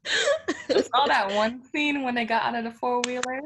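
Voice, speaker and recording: A woman's voice: high voice, wildly swooping pitch, normal speed, a bit bright, a little hiss or hum. A woman co-hosting a reaction show, chatting casually, asking questions and agreeing with her co-host. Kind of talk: casual chat reacting to a TV episode.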